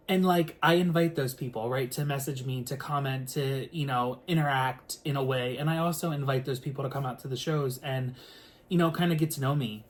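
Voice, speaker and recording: A man, a singer, telling a story to the camera in a casual, animated way, full of filler words and the odd swear word. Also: on the high side, a little fast.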